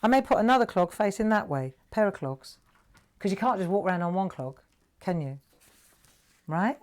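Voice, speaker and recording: A woman's voice: medium pitch, expressive, moderate pace, a little mellow. A woman hosting a live craft show, chatting and telling stories with a laugh. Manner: chatty, storytelling, laughs at own jokes. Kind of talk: live craft demonstration chat.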